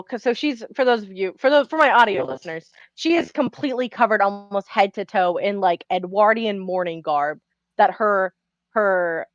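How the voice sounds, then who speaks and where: A woman's voice: medium pitch, dry recording, lo-fi sound. A woman playing a tabletop game, casually describing her character with lots of fillers. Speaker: player.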